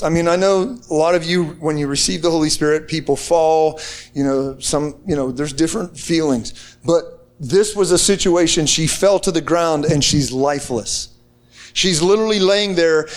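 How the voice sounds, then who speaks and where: A man from the United States telling a testimony to a group in an excited, casual way, with slang and many restarts. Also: fairly high pitch. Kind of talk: animated storytelling to a group.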